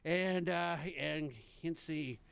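A man hosting a casual radio segment, rambling and halting, often chuckling. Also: on the high side, vocal fry, noisy background. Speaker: radio host.

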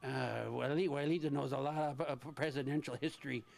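A man's voice: mid-range voice, steady tone, a little fast, creaky, darkish tone. A man hosting a radio show, chatting casually with a caller, stammering through restarts and laughing easily.

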